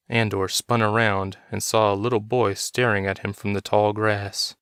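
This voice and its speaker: Man, low voice, smooth, steady story narration, dry recording. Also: moderate pace, no echo. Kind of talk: reading a story aloud.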